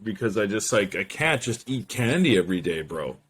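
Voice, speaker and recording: A man's voice: fairly low pitch, sing-song, moderate pace, husky. A man in his thirties hosting his own show, rambling casually to camera with profane jokes, slang and French asides. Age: 30s. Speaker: show host.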